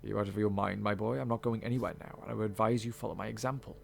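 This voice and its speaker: Scornful older factory boss, read by a man, gravelly, low, menacing, game music underneath. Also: steady tone, racing, slight background noise. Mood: dismissive. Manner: contemptuous, menacing.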